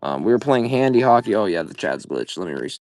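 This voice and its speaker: A young man hosting a casual live-selling stream, profane and excitable as he pitches items while playing a game. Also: quick pace, soft background music. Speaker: livestream seller.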